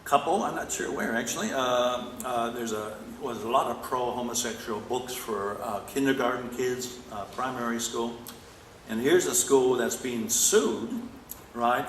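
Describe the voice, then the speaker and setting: A man's voice: medium pitch, a bit bright. An Australian man giving an emphatic conference talk, often prodding the audience with "right?". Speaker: conference speaker. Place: conference hall. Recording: echoey hall with faint noise.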